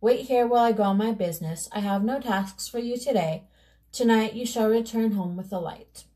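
A woman's voice: a little high, normal speed, dark tone, close to an everyday voice. A woman voicing a fierce old witch who speaks in stern, demanding commands, read aloud from a storybook.

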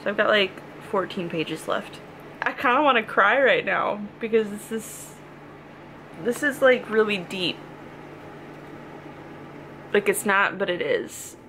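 A woman's voice: mid-range voice, expressive, unhurried, long pauses, sharp tone, a little hiss or hum. Emotional young woman rambling about a book. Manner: emotional, rambling, frequent "like" and laughs. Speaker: book vlogger. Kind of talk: casual reading vlog.

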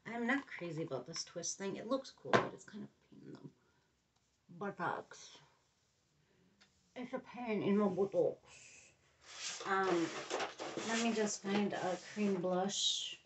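A woman's voice: mid-range voice, measured pace, long pauses, noisy background. A middle-aged woman giving a casual makeup review, chatty and rambling, often muttering to herself under her breath. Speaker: beauty vlogger.

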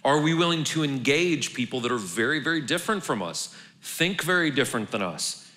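A man's voice: a little high, expressive, brisk, bright, forceful tone. A man preaching a casual, conversational sermon, joking and restarting words as he goes. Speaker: pastor. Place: large church hall. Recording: long reverb in a church hall, faint ambience.

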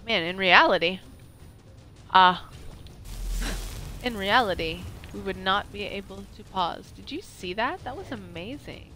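A woman streaming a video game, chatting excitably and talking back to what happens on screen. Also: mid-range voice, slow pace, pauses often, faint music behind. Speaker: gameplay streamer. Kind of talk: live let's-play commentary.

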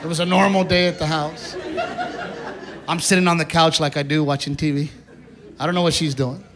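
High-voiced male stand-up comic. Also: fairly quick, slight background noise. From Mexican-American heritage. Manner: animated storytelling, acting out voices. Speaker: stand-up comedian. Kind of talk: stand-up comedy set. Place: live comedy stage. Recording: live club recording, loud crowd. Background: audience laughter.

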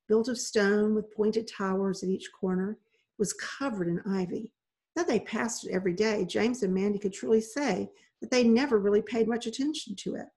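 Woman reading a kids book out loud, steady pace, average pitch. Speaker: reader. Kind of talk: reading a children's novel aloud.

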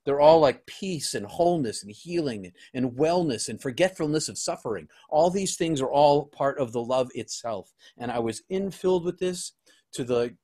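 Male guest, mid-pitch, earnest and halting, restarts often mid-sentence. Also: darkish tone. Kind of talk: personal storytelling in an interview.

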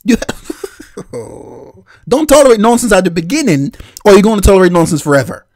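A man's voice: high voice, big pitch swings, moderate pace, a little mellow, dry recording, studio quality. A man from Nigeria hosting a reaction video, giving opinionated, lecturing commentary on a clip.

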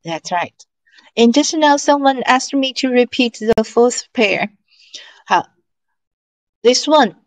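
A woman teaching an online language class, slowly and patiently drilling syllables and tones for her students to repeat. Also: on the high side, expressive, poor audio.

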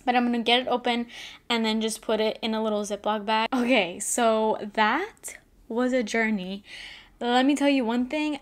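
A young woman in a casual unboxing vlog, gushing and excited, with lots of "like" fillers. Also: fairly high pitch. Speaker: beauty vlogger.

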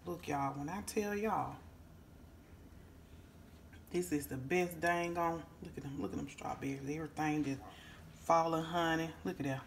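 Low-pitched and gravelly, this cooking show host speaks at a normal speed with frequent pauses over slight background noise. In her kitchen she makes a folksy home vlog, exclaiming and humming over the dishes and calling viewers honey and baby.

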